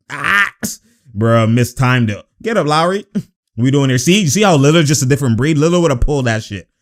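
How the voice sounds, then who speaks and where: A young man giving casual, excitable reaction commentary over basketball footage, laughing often and calling out to the players on screen. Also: medium pitch, normal speed.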